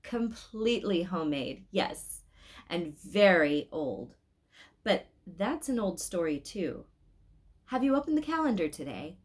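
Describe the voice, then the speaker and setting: A woman voicing a kind old man who sells flowers in a storybook, speaking slowly and gently. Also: fairly low pitch, very animated. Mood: gentle. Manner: slow, warm, drawn-out speech.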